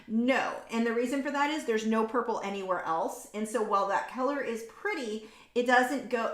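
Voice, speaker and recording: A woman's voice: on the high side, normal speed. A woman artist chatting candidly and rambling while she paints live, frank and opinionated, with lots of ums and likes. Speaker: artist hosting a painting livestream. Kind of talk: casual chat while painting. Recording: roomy echo.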